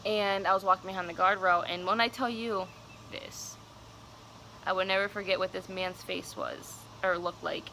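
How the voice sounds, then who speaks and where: A woman's voice: mid-range voice, fairly even intonation, normal speed, sharp tone, slight background noise, rough recording. A young woman telling a personal story on her vlog, casual, candid and cursing freely. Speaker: vlogger.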